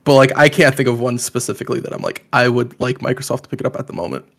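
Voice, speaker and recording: A man's voice: mid-range voice, fairly even intonation, very fast, a bit bright. A man co-hosting a casual gaming podcast, easygoing and laid-back. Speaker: podcast co-host.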